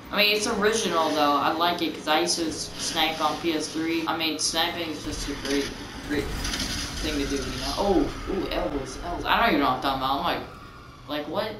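A man giving casual, excitable gameplay commentary, rambling and repeating his exclamations as he plays. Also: fairly high pitch. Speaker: gaming channel host. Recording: roomy, distant mic, noisy.

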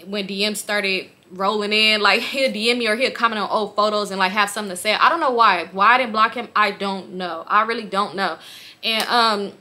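A young woman from the Los Angeles area, a storytime vlogger, tells a story straight to her viewers. She is animated, slangy, and profane, with a medium-pitched voice and a fairly quick pace.

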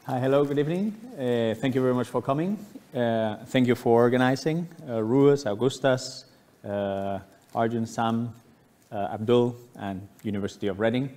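A man of around forty from Spain with a Spanish accent, giving a university lecture in an unhurried, halting, conversational way with frequent pauses. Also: medium pitch, warm tone. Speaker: guest lecturer, architect. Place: lecture hall.

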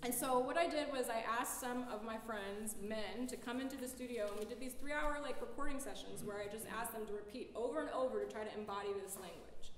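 A woman's voice: a little high, brisk, hardly any pauses. A woman artist giving a casual public talk in a lecture hall, loose and chatty, peppering her speech with "like" and laughing easily.

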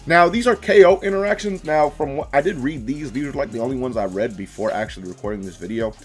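A man's voice: medium pitch, fast, faint music behind. A young man hosting a gaming channel, reading out game dialogue and reacting in casual slangy commentary with emphatic outbursts. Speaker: gaming YouTuber.

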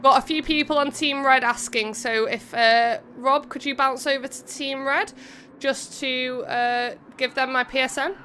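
Bright, high-voiced woman streamer. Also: fairly even intonation, measured pace, slight background noise. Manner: bubbly, giggly, chats to viewers between calls. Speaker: streamer hosting a racing game event. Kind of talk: live race commentary and chat.

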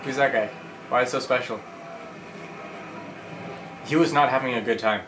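A man's voice: medium pitch, moderate pace. Goofy young man commenting on gameplay. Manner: goofy, rambling, excitable. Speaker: let's play host. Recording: roomy sound with game music.

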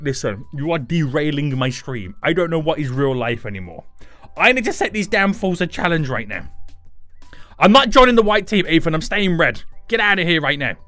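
Excitable bright-voiced man streaming a game. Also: high voice, no echo. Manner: excitable, bursts into shouting. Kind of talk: live game stream commentary.

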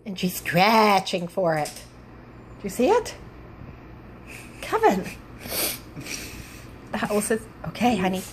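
A woman filming her dog at home, talking to it in a playful, excitable, coaxing way. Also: medium pitch, slow, long pauses, slight background noise. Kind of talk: casual home video. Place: home indoors.

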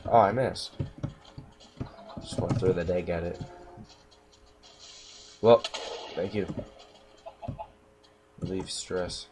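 A man's voice: low-pitched, steady tone, slow, pauses often. A man giving casual gameplay commentary at home, mumbling and talking to himself as he plays. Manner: mumbling, talks to himself while playing. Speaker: gameplay recorder. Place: home room. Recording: noisy home recording with keyboard clicks.

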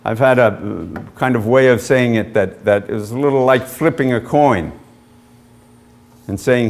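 A man, an author, giving an illustrated history lecture with measured storytelling and frequent pauses as he points to slides. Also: mid-range voice. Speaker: author giving a book talk.

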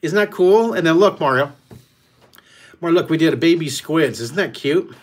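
Playful, excitable man teaching drawing. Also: on the high side, moderate pace. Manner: playful, excitable, chatty, addresses kids directly. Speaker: art teacher hosting a live kids' drawing webcast. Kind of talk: live online drawing lesson. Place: at home, son and cat in the room.

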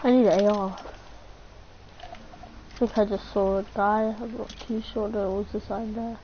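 A woman's voice: medium pitch, level tone, a little slow, a little hiss or hum. A young woman in casual, joking banter while playing a game. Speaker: player. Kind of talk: casual gaming chat. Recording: dull lo-fi mic.

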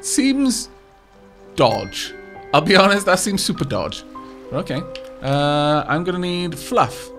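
A man's voice: a little high, sing-song, slow, pauses often, fairly bright tone, soft background music. A man hosting a casual let's play, chatting as he goes in a self-mocking way and stammering as he restarts his sentences. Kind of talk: casual gameplay commentary.

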